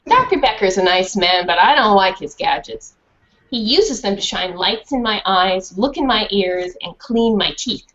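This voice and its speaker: A woman's voice: medium pitch, normal speed. A woman, a children's author, reading a storybook aloud in a school classroom and asking the class questions. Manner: animated, asks the class questions. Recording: dull lo-fi recording.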